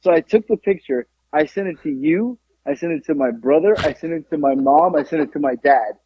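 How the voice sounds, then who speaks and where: A man's voice: fairly high pitch, fairly quick, slight background noise. A middle-aged man co-hosting a podcast, telling a funny story in casual chat, swearing and laughing often. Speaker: podcast co-host. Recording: dry, dull lo-fi sound.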